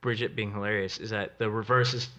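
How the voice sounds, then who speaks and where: A man who is a podcast guest, giving quick opinions in a casual chat. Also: lowish voice, steady tone, pushed and bright, lo-fi sound.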